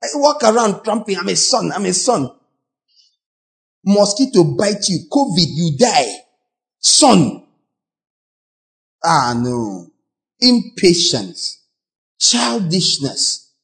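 Animated Nigerian preacher, high voice. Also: male voice, takes it slowly, long pauses. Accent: Nigerian English. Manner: animated, acts out voices and mocks, sudden shouts. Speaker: pastor. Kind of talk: sermon.

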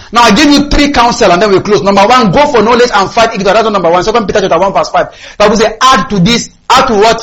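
Male preacher, very high-pitched, emphatic call-and-response delivery in church. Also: poor audio. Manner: emphatic, rising to shouts. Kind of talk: sermon.

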